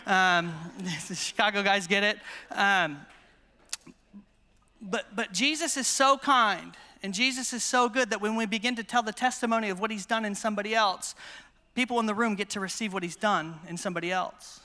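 American man, sermon storytelling, bright crisp voice, long reverb from a big hall. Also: high-pitched, moderate pace. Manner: storytelling, self-deprecating humor, repeats words when excited. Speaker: conference speaker. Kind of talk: sermon with testimony stories. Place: large conference hall.

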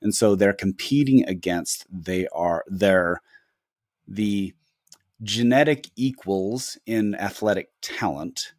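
A man with a lowish voice co-hosts a relaxed podcast, weighing his points slowly and breaking off mid-phrase. He sits close to a dry mic with no room echo. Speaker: podcast co-host. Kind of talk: casual chat.

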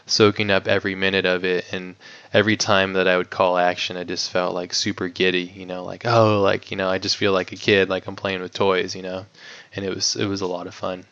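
Male guest, low gravelly voice, smooth and resonant underneath, loose chatty delivery with frequent fillers, dull lo-fi recording. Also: little pitch movement, brisk, fairly bright tone. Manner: rambling, heavy on "like", swears casually. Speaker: guest filmmaker. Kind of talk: casual podcast interview. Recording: dull lo-fi audio.

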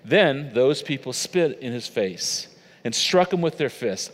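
A male pastor preaching a sermon, with dramatic, emotional delivery that swings in pitch and volume. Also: lively intonation, normal speed. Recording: long reverb of a large hall.

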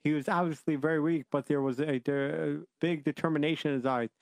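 A man's voice: on the high side, steady tone, fast, few pauses, a little mellow, no room sound, clean studio sound. A man telling a story to children, rambling and playful, interrupting himself and bantering.

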